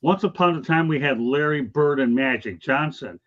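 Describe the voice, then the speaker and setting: A man's voice: a little high, moderate pace, fairly bright tone, muffled recording. A man hosting a sports talk show, casual and emphatic, pushing his opinions hard. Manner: emphatic, opinionated, keeps saying okay.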